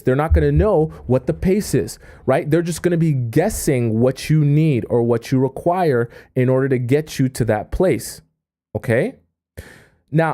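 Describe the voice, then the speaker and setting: Male dating coach, warm and mellow voice, chatty live-stream delivery with constant "okay?" check-ins. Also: a little high. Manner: conversational, keeps checking in with "okay?" and "right?". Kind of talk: live stream advice talk.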